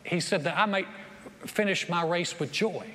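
Bright-voiced preacher in an echoing church. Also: male voice, high-pitched, moderate pace. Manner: animated storytelling with repeated restarts. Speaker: pastor. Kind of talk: sermon. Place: church sanctuary. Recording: long church hall reverb, faint noise.

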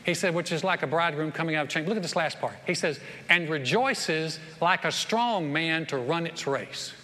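A man delivers an animated sermon in a bright, somewhat high voice. He stumbles and restarts often as he tells his stories. The sound carries a long church-hall reverb over faint background noise. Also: moderate pace. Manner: animated storytelling with repeated restarts. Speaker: pastor. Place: church sanctuary.

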